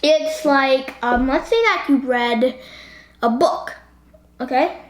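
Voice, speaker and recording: A woman's voice: high voice, slow, slight background noise. A woman hosting a casual book discussion, chatty and rambling as she fires questions at her viewers. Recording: roomy echo.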